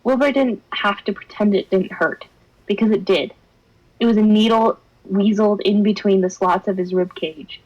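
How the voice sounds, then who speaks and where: Brief: young woman, mid-pitched voice, theatrical fan-fiction reading peppered with giggles and asides. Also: fairly even intonation, moderate pace, darkish tone, highs cut off. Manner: dramatic reading that breaks into giggles and wry comments. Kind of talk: expressive narration with laughing asides.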